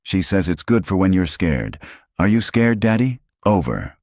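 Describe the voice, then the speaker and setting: A man's voice: low voice, very animated, a little slow, darkish tone, dry recording, studio quality, voice pushed up, full character voice. A man voicing a small, scared but brave little girl on a walkie-talkie in a storybook narration, with a small, trembling voice.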